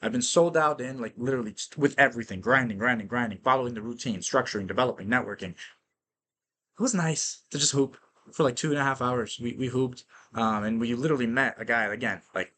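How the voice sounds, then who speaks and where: A man hosting a podcast, telling stories in an energetic, casual monologue that is full of profanity and tag questions like "right?". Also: medium pitch, brisk. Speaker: podcast host.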